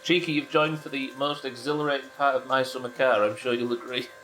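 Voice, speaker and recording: A British man with a bright, forceful voice keeps up a running stream of dry, joking chatter as he plays a game live. His pitch sits in an ordinary middle range, and faint music plays under his talk. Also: level tone, fairly quick. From Britain. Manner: dry, joking banter with chat. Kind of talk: casual live-stream commentary to chat.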